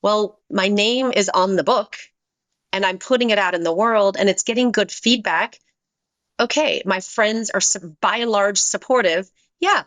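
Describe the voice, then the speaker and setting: Middle-aged woman as a podcast guest: earnest, lively storyteller, close and dry sound. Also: no echo. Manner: earnest, shifts pitch to voice quoted people. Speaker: guest, business leader and author. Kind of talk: personal storytelling in a podcast interview.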